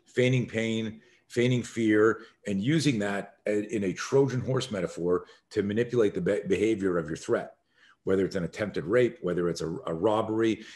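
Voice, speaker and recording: A man's voice: fairly low pitch, normal speed, darkish tone. A man, a self-defense expert, telling a story as a podcast guest and acting out the scenes with animation.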